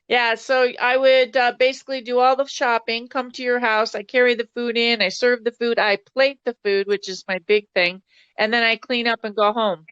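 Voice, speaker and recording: A chatty middle-aged woman with a high voice tells a story on a live stream. The audio is dry and a little dull, like a low-fi stream capture. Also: flat delivery, moderate pace, a bit bright, clear, resonant tone, dry recording. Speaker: live-stream guest, former take-home chef. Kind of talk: casual group chat and joke telling.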